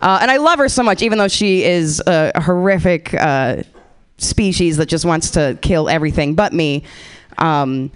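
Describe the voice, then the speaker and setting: A woman in her thirties doing a stand-up set, rambling with dark deadpan humor and acting out quotes. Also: sits low, moderate pace, smooth. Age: 30s. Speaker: stand-up comedian.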